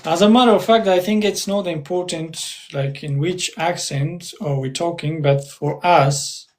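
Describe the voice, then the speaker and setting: Male interview guest; relaxed and chatty, slightly raised pitch. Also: measured pace. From Afghanistan. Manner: relaxed, chatty, with frequent uh fillers. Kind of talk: casual interview chat.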